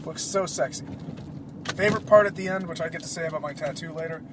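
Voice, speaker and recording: Excitable high-voiced man, noisy background. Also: quick pace. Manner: excitable, profane, rambling. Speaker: podcast host. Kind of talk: casual solo podcast rant.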